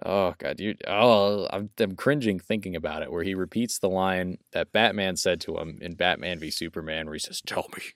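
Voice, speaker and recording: A man's voice: low-pitched, moderate pace, hardly any pauses, no room sound, studio quality. A young man co-hosting a podcast, chatting casually and laughing often as he rambles through a movie rant. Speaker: podcast co-host. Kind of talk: casual chat.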